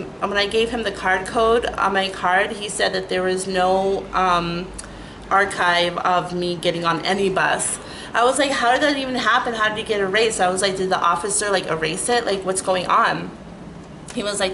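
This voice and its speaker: A middle-aged woman telling a rambling, animated story in a casual vlog, full of "like" and restarts. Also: medium pitch, noisy background. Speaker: storytelling vlogger.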